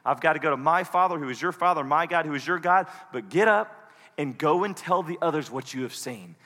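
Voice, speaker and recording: A man voicing a calm, gentle teacher who speaks in a measured way. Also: a little high, in a large hall.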